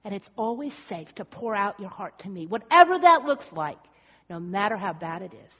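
A woman's voice: medium pitch, fairly quick, fairly bright tone, slightly rough. A woman preacher giving a dramatic, rhetorical sermon with building emphasis. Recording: echoey hall, slightly dull.

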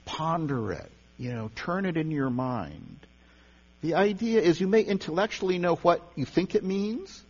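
A man preaches in a casual, conversational way, his voice rising and falling with lively pitch. He often repeats and restarts his words. The sound is dull and lo-fi, with a long hall reverb and a faint electrical hum. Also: breathy edge. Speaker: pastor or teacher leading a service. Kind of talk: sermon on meditation.

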